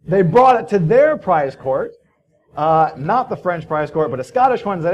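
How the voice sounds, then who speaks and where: Man, conference speaker, fairly high pitch, storytelling, loose and profane, frequent fillers. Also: normal speed, a little mellow, dull audio. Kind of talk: casual conference talk. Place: conference hall.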